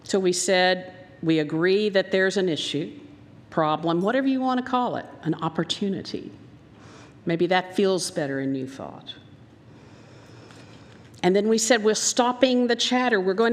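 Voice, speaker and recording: A woman's voice: mid-range voice, lively intonation, a little slow, a bit bright. A woman minister with a Southern American accent preaching a sermon, telling stories animatedly and acting out the voices she quotes. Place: church sanctuary. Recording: long hall reverb.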